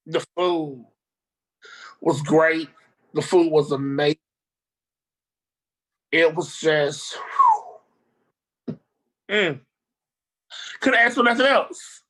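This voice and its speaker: A speaker on a video call, telling a rambling, animated story in casual chat, with slang and swearing. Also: mid-range voice, drawn-out words, pauses often.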